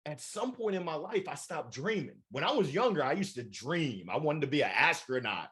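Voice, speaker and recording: A man in his forties answers with a motivational speaker's energy. His pitch swings widely and sits fairly high. He is playful and animated, acting out little voices as he talks. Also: normal speed. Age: 40s. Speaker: keynote speaker and author.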